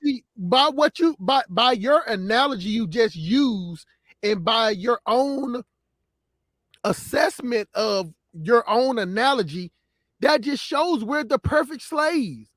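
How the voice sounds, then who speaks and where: A man's voice: very high-pitched, expressive, slow, fairly bright tone, no room sound, studio quality. A man co-hosting a casual talk show, speaking emphatically and opinionatedly and often laughing. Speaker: podcast co-host. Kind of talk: casual conversation.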